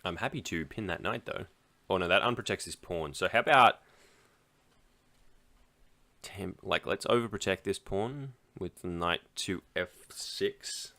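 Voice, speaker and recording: Man, deep voice, bright and forceful tone, casual chess commentary, thinking out loud. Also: measured pace, vocal fry. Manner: thinks aloud through moves, chatty asides. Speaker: chess streamer. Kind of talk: casual live game commentary.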